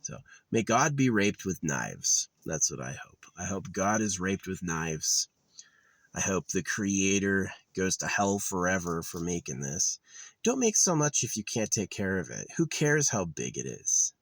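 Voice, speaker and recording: A man's voice: low voice, sing-song, unhurried, fairly bright tone, no echo. A man in an outdoor vlog delivering an angry, profane, sarcastic rant full of contempt. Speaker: vlogger. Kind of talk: angry ranting monologue.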